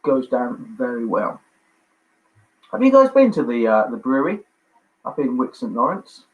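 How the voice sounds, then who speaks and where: A man hosting a livestreamed pub quiz from home, chatty and jokey, reading out answers with quick asides. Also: medium pitch, wildly swooping pitch. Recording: dull lo-fi livestream audio.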